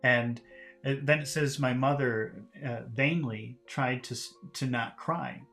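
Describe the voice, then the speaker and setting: Male English teacher, mid-range voice, reading a novel aloud and patiently paraphrasing its vocabulary; soft guitar music in the background. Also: mid-range voice, a little slow. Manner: patient, paraphrases words in plain terms.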